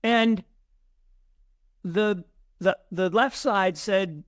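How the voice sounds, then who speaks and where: Animated man, lively and high-pitched. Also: moderate pace, no echo, studio quality. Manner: animated, many restarts and repeated words. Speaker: co-host of a crypto investing show. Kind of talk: casual conversational commentary.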